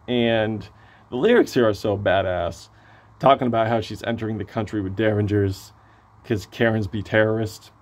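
A man with a hoarse voice giving a casual, excitable album review, gushing and swearing freely. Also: fairly low pitch.

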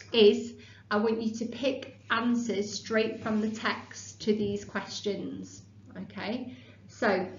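A woman teacher reads a story aloud in clear, expressive tones, then explains the class task. Her voice sits at a middling pitch. The classroom sound is echoey and slightly dull. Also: a little hiss or hum.

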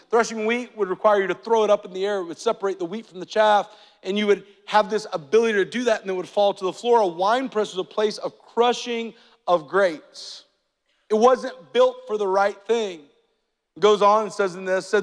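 A man preaching a sermon as pastor, animated and joking, slipping into voices for the people in his stories. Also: high-pitched, moderate pace, in a large hall.

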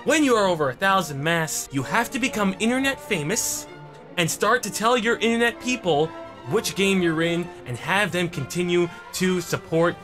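A man giving comedic gameplay commentary, excitable and mock-serious with crude jokes. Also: sits high, moderate pace. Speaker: gaming commentator. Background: background music.

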